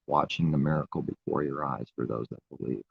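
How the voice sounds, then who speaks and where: A man's voice: a bass voice, brisk, gravelly, slightly rough, no room sound, narrow, tinny audio. A man giving an informal, rambling sermon in a conversational way. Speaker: preacher. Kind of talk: informal live-stream sermon.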